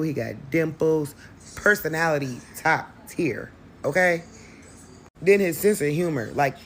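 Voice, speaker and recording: A woman's voice: sits low, slight background noise. Chatty woman telling a storytime vlog. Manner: chatty, emphatic, addresses the audience directly. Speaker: vlogger.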